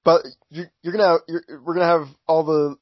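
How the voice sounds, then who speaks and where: A man's voice: a little high, little pitch movement, a little fast, no room sound. Man making a careful argument. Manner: earnest, reasoning argument with restarts. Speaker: podcast co-host. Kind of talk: casual chat. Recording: dull lo-fi dry recording.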